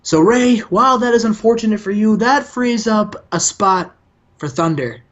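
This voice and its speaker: A man putting on the voice of a loud, boastful male wrestling manager with a strutting promo delivery. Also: high voice, animated, moderate pace, dull audio, pitched above the performer's own voice. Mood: officious.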